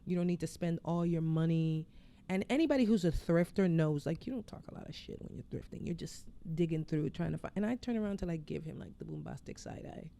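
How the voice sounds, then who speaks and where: Gravelly-voiced young woman, podcast guest, animated storyteller who acts out every quote. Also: lowish voice, fast, hardly any pauses. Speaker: podcast guest, nightlife figure. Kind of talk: casual storytelling chat.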